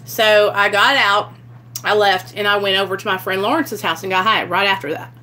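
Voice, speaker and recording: A woman's voice: mid-range voice, fairly even intonation, moderate pace, pushed and bright. A young woman telling a raw personal story to her camera, blunt and candid, swearing freely. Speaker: vlogger sharing her recovery story.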